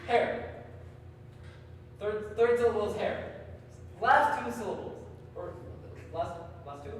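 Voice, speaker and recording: A man's voice: sits high, takes it slowly. A man on stage in live improv comedy, rambling through guesses aloud. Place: large echoey hall, far from mic. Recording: echoey hall from far off, noisy.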